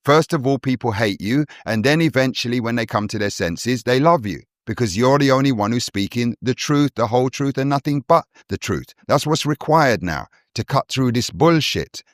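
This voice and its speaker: A man's voice: medium pitch, expressive, moderate pace, hardly any pauses, no room sound, clean studio sound. A man holding forth on a podcast in a preachy, emphatic way, hammering his points with repetition. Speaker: podcast co-host. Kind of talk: forceful monologue.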